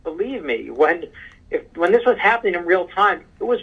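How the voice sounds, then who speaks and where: A man being interviewed as an author on a podcast, telling stories in an animated, emphatic way over a remote call. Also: high voice, normal speed, creaky, slightly rough, lo-fi sound. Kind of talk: casual interview chat.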